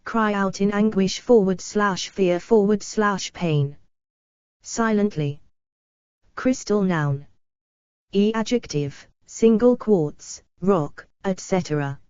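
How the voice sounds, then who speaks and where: Slow woman reading dictionary entries. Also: mid-range voice, clear, resonant tone, no echo, muffled recording. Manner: flat, literal reading of symbols and abbreviations.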